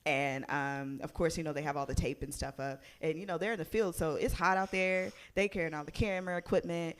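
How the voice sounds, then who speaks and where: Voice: mid-range voice, steady tone, fairly quick, clean tone. Guest just chatting away, mid voice, lots of um and like. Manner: chatty, loose, lots of fillers. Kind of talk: casual chat.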